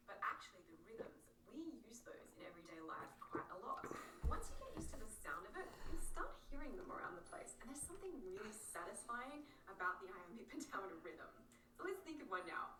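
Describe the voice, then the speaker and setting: A woman explaining poetic rhythm in a video lesson, demonstrating patterns aloud in a lively way. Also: mid-range voice, fairly quick. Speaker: acting teacher in a video. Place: video played on a stream. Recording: roomy, distant, music behind.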